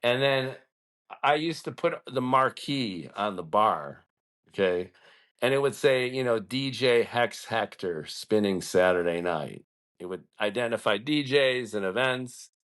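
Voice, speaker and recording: A man's voice: mid-range voice, expressive, unhurried, a bit bright. Podcast host, man, blunt and profane, casual ranting storyteller.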